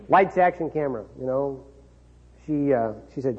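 A man's voice: mid-range voice, unhurried, long pauses, husky. A middle-aged man from Kansas giving a motivational speech, telling a dramatic personal story with wry humor and frequent chuckles. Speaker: keynote speaker. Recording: dull lo-fi recording.

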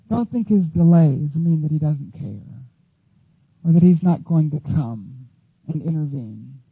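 Husky woman preaching earnestly. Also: on the low side, no echo, highs cut off. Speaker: Bible teacher. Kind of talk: sermon.

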